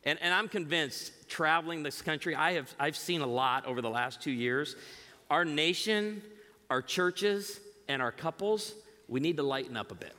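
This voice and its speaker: A middle-aged guest speaker from the Chicago area delivers a humorous church message to a crowd, telling funny stories at a moderate pace and acting out the voices of the people in them. His bright, fairly high voice carries through a large church auditorium with long reverb.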